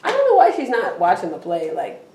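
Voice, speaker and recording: A woman co-hosting a casual recap chat, retelling each scene and slipping into the characters' lines. Her voice sits at an ordinary middle pitch. The room is echoey, with a faint hiss behind her. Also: wildly swooping pitch, fairly quick, a little mellow, recorded from a distance. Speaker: podcast co-host.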